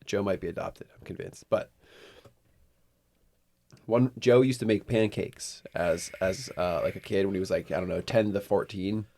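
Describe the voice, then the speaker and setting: A man co-hosting a podcast, telling a long rambling anecdote in casual chat, loud and animated. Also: sits low, normal speed. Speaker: podcast co-host.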